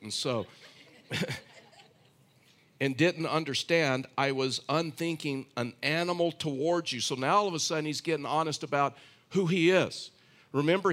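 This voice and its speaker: A man's voice: a little high, fairly bright tone. A middle-aged man, a pastor with grandchildren, preaching a sermon in a loose, conversational storytelling way with many restarts and asides.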